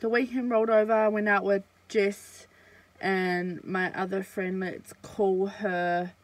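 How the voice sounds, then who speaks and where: A woman's voice: mid-range voice, level tone, measured pace, no echo, low-quality recording. Chatty young woman telling a story. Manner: chatty, full of fillers and swearing. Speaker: vlogger. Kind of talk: casual storytime chat.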